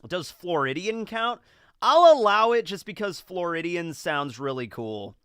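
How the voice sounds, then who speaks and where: A man's voice: high-pitched, very animated, a little slow, a bit bright, clean tone, no echo, studio quality. A young American man casually chatting on a livestream, rambling and joking as he reads viewer messages. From United States. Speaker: livestream host reading chat.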